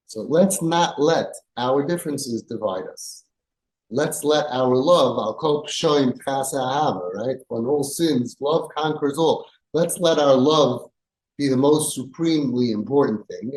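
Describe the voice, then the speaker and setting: A man's voice: medium pitch, a little mellow. A man giving parents advice in an emphatic way, firing off rhetorical questions and repeating his points. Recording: echoey room.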